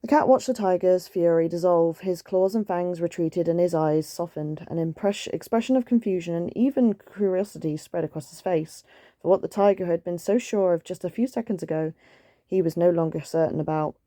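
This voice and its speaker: A woman reading a picture book aloud in a gentle, soothing way, with chatty asides. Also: on the low side, brisk, dry recording, studio quality. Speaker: storytime reader.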